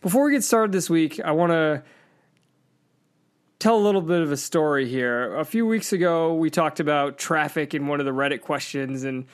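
A woman hosting a podcast, telling a story in casual chat with animated, profane energy. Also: low voice. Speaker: podcast host.

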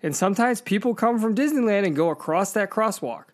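A woman hosting a podcast, telling a story in casual chat with animated, profane energy. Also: mid-range voice, fairly quick. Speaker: podcast host.

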